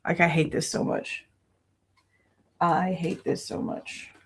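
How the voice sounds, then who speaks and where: Slow and steady, with a low, slightly rough voice, this woman vents her frustration on a casual true crime livestream from her home. She swears loosely and stops between complaints to thank viewers, talking into a desk mic with no headphones.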